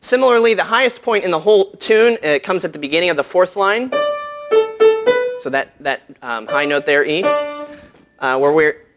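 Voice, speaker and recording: Man lecturing on hymns, higher voice. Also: animated, normal speed, long pauses, over loud music. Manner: conversational, asks the audience questions, many fillers. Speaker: church music teacher. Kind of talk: lecture to a group.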